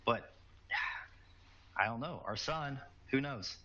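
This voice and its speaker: A man's voice: mid-range voice, very slow, bright, forceful tone, voice pushed up. A man voicing a worried young woman fugitive in a tabletop game, speaking earnestly. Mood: confused. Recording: muffled lo-fi recording.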